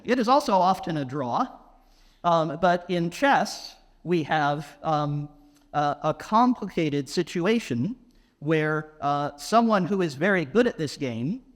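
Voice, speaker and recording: A man giving a conference keynote, playfully quizzing the audience and speaking slowly and deliberately. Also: on the high side. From England. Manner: playful, quizzes the audience, slow deliberate phrasing for non-native listeners. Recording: long hall reverb.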